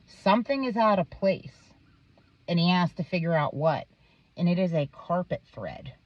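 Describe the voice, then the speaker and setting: A woman's voice: lowish voice, expressive, normal speed, no echo. A woman in her thirties, a vlogger in a heated, profane rant, swearing constantly. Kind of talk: profane ranting monologue. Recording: dull, dry lo-fi recording.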